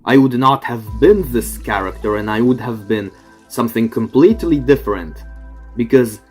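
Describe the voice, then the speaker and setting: A young man giving an earnest, reflective personal monologue to camera, often trailing off quietly. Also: medium pitch, moderate pace, faint music behind. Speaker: vlogger.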